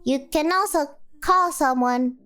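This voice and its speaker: A woman's voice: high-pitched, a little slow, pushed and bright. A woman streamer with a sore throat, chatting casually and playfully, laughing often and asking many questions. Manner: playful, giggly, asks lots of questions. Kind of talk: casual chat with chat. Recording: faint music behind.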